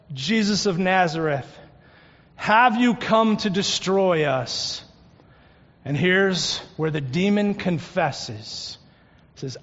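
A male pastor preaching a Sunday sermon, earnest, dropping to a hush on key points. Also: fairly high pitch, big-room sound, highs cut off. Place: church sanctuary.

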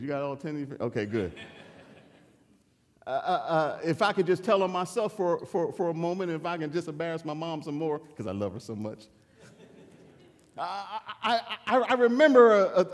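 A man preaching a sermon in a church, animated and humorous, chuckling through personal stories. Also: fairly high pitch, in a large hall.

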